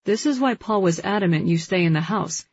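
A woman reading the lines of a calm, protective young man in an audiobook. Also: medium pitch, brisk, slightly rough. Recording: dull lo-fi recording.

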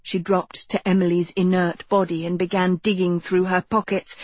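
A woman narrating a story in a measured, expressive reading. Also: on the low side, no echo. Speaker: audiobook narrator. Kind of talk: scripted narration.

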